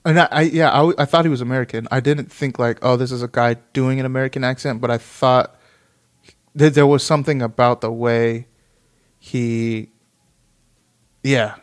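A man's voice: medium pitch, fairly even intonation, normal speed, long pauses. A man reading an article aloud and chatting casually about it, rambling and swearing as he reacts. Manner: rambling, profane, reads aloud then reacts.

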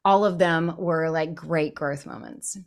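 A woman's voice: low-pitched, fairly even intonation, a little slow. A middle-aged woman, a counselor and author, speaking as a podcast guest in an encouraging, reflective way. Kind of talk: conversational interview.

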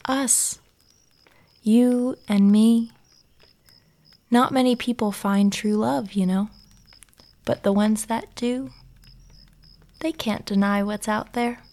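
An actress voicing an adoring young girlfriend, speaking softly and tenderly. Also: on the high side, steady tone, slow, pauses often. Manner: soft, tender, gently teasing. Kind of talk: audio drama acting.

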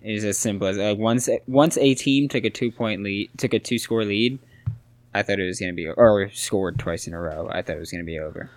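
A young man co-hosting a podcast, chatting casually about football in an animated way and laughing often. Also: fairly low pitch, brisk. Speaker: podcast co-host. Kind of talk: casual sports chat.

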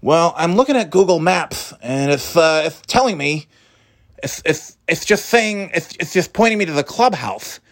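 A man voicing a lost, flustered woman delivery driver in a high, whiny, drawn-out voice. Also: expressive. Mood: complaining.

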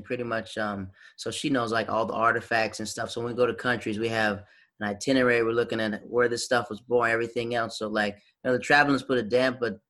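Bright-voiced man telling stories. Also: medium pitch. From American South. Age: 30s. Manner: animated storyteller, acts out quoted voices. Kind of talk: casual chat.

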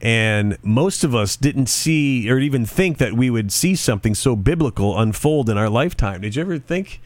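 A man's voice: medium pitch, lively intonation, moderate pace, no echo. A man co-hosting a podcast in casual chat, telling stories in a rambling, conversational way with frequent restarts. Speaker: podcast co-host.

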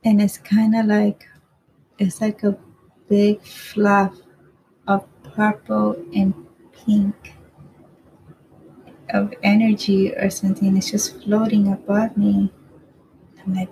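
A woman's voice: mid-range voice, little pitch movement, slow, gravelly, long pauses, mellow, a little hiss or hum, low-quality recording. A woman casually telling a personal story in a rambling way, swearing freely and often asking "right?".

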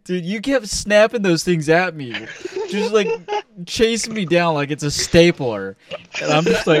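A man's voice: on the high side, expressive, moderate pace, slight background noise. Joking man in casual podcast chat. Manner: jokey, crude, acts out quotes. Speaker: podcast co-host.

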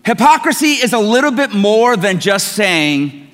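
High, bright-voiced pastor preaching. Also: male voice, big pitch swings, a little slow. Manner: conversational storytelling, self-mocking. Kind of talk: sermon. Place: church sanctuary. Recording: long reverb of a church hall.

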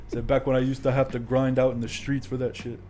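A man's voice: medium pitch, warm tone. A man co-hosting a casual podcast, laid-back and profane, retelling stories with impressions. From American South. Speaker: podcast co-host. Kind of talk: casual chat.

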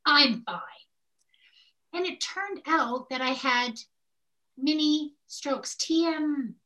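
An older woman co-hosting a candid podcast conversation, telling personal stories in an animated way and acting out what people said. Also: high-pitched, slow pace. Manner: animated storyteller who acts out quoted speech. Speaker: podcast co-host.

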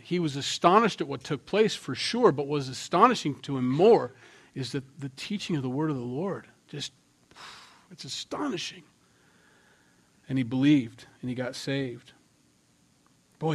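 Male pastor, middle-aged, sermon, emphatic, loud then hushed, conversational preaching. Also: a little high.

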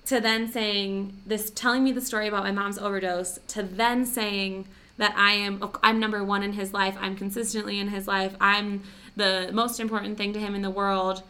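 A woman's voice: medium pitch, level tone, moderate pace, bright, forceful tone. A young woman hosting a podcast, telling a personal story in a chatty, emotional way full of "like". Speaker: podcast host. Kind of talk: casual podcast chat.

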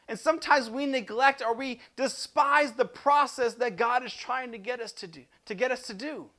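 A pastor preaches with passion in an extremely high voice, at normal speed and with few pauses. He swings from loud emphasis to hushed intensity and often repeats words as he restarts his sentences.

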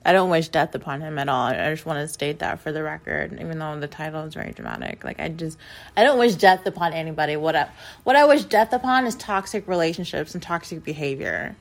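A young woman vlogger telling a personal story in a rambling, casual way, filling every pause with "like" and speaking bluntly with plenty of swearing. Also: sits low. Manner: rambling, heavy use of "like", blunt and profane.

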